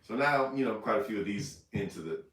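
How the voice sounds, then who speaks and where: Male host, low-ish voice, loose rambling livestream talk, roomy distant sound. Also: lively intonation, a little fast, fairly bright tone. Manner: rambling, laughing, repeats himself. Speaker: fishing show host. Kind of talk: casual storytelling on a livestream. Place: indoors, house room. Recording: echoey room, off mic.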